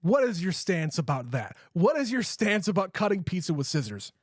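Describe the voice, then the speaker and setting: A young man co-hosts a casual movie podcast, easygoing as he walks through scenes in detail. His voice sits fairly high for a man. The recording is dry and close. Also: very animated, normal speed, no echo. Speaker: podcast co-host. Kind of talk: casual movie review chat.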